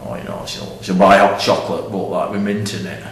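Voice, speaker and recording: A middle-aged man with a deep, low voice, rambling bluntly in a deadpan comic monologue. He sounds set back from the mic in a very echoey room, with faint ambient noise behind. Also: a little fast, distant mic.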